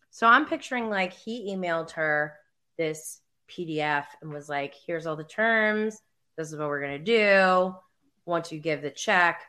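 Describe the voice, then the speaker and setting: A woman's voice: on the low side, bright, forceful tone. A young woman hosting a show, chatting casually and rambling through a TV recap with lots of fillers. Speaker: podcast host.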